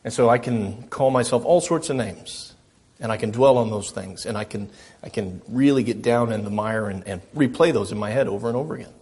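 A man's voice: lowish voice, brisk, darkish tone, husky. A middle-aged man preaching a sermon as a pastor, earnest and self-deprecating, often repeating his phrases.

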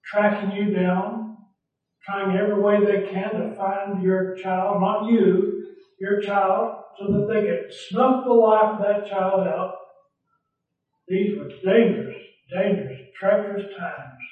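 Earnest male preacher, higher voice, far off in a reverberant hall, thin lo-fi sound. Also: steady tone, takes it slowly. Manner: earnest, repeating phrases for emphasis. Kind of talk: sermon. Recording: echoey far-off church recording over a phone-like line.

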